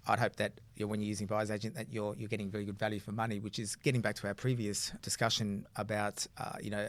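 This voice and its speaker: A man, a buyer's agent explaining his work in casual podcast chat, rambling with frequent fillers. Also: on the low side.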